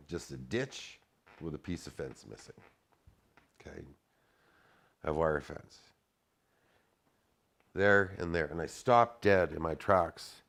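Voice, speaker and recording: A middle-aged man telling a story in casual speech, swearing often and acting out the dialogue in a raised voice. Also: low-pitched.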